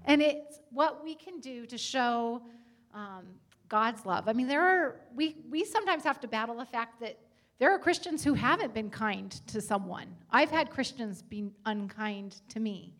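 A woman speaking in church in an earnest, gentle way, often pausing with small fillers. Her voice sits a little high for a woman. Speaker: guest speaker on church stage. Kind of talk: church talk on etiquette.

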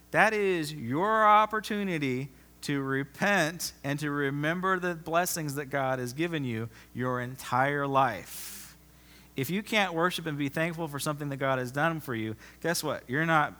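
A man preaching a sermon as pastor, emphatic, often repeating himself and swinging from loud to soft. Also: a little high. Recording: long reverb of a large hall.

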